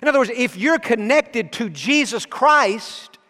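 A man's voice: extremely high pitch, animated, measured pace, pushed and bright, long reverb tail. A middle-aged man preaching a sermon as pastor, earnest and personal, telling stories from his own life. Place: church sanctuary.

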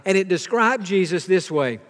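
A man's voice: high voice, expressive, moderate pace, in a large hall. A pastor preaching a sermon to his congregation in an earnest way, now and then asking them to repeat a line with him.

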